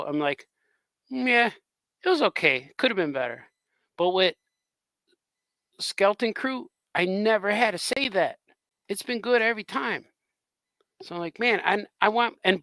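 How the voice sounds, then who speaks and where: A man's voice: a little high, fairly bright tone, no echo. A man chatting in a rambling way while drawing on a live stream as a cartoonist host.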